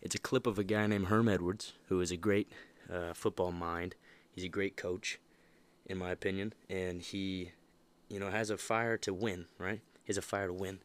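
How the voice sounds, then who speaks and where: Deep-voiced young man hosting a podcast. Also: normal speed. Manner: animated, emphatic, laughs often. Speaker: podcast host. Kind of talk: casual motivational monologue.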